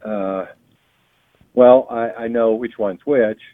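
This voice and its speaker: Low-voiced man on a tinny phone line. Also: fairly even intonation, slow. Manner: patient, plain, hesitant with fillers. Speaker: call recipient. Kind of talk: phone conversation.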